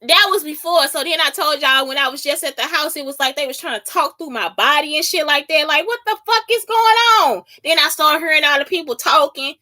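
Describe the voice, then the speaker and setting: A woman delivers a casual solo podcast monologue in a high, bright voice. She is heated and profane and keeps turning to her listeners to ask whether they understand. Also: a little fast, few pauses. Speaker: podcast host.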